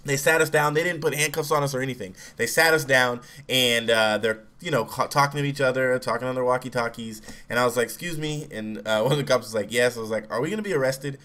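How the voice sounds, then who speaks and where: A man's voice: medium pitch, quick pace, hardly any pauses. Young man telling a story casually. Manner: relaxed, acts out quotes with raised voice.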